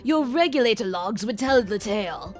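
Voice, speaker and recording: A woman voicing a tough-talking male inspector, trying a gravelly New York accent with hard-boiled slang. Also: a little high, lively intonation, soft background music, voice pushed down, natural voice. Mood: gruff. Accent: attempted New York. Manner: hard-boiled detective slang, slow and clipped. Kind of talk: reading game dialogue aloud in a put-on voice.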